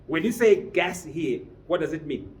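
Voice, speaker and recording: A man's voice: on the high side, animated, moderate pace. A man teaching a business writing class, lecturing and often putting questions to his students. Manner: quizzes the class with frequent questions. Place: training room with a class.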